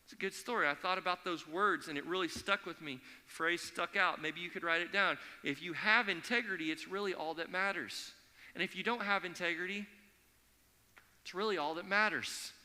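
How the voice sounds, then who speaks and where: A man preaching a sermon in a church, telling stories in an animated way and acting out the voices of the people in them. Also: fairly high pitch, in a large hall. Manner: animated storytelling, acts out quoted voices. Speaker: pastor. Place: church sanctuary.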